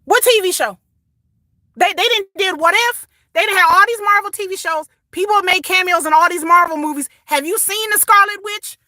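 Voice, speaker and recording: A woman, ranting casually to her viewers, sassy and animated, swearing and repeating words as she goes. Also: very high voice, normal speed, no room sound, studio quality. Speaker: commentary vlogger. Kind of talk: casual opinion rant.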